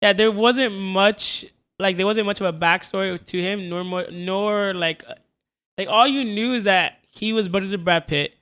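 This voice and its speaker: A man co-hosting a casual film review chat, rambling and halting with lots of filler words and casual swearing. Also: high voice, fairly bright tone, smooth. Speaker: podcast co-host.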